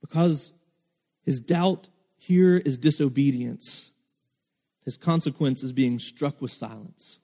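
A man's voice: mid-range voice, takes it slowly, mellow, long reverb tail. A man preaching a sermon as pastor, earnest and emphatic, acting out the lines of the people he quotes.

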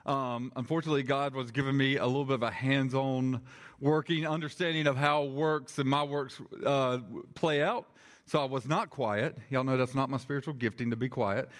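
A man, a congregational elder giving a chatty, animated sermon, his voice a little strained. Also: medium pitch, normal speed. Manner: chatty, animated, jokey asides. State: slightly strained voice. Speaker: lay preacher, congregational elder. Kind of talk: conversational sermon.

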